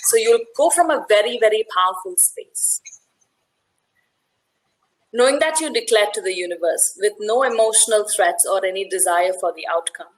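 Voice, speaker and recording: A woman's voice: medium pitch, normal speed, rough recording. A woman leading a networking workshop, who talks conversationally, tells stories and often checks in with "right?". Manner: briefly acts out the voices of people in her story. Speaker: workshop facilitator. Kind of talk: workshop talk with storytelling.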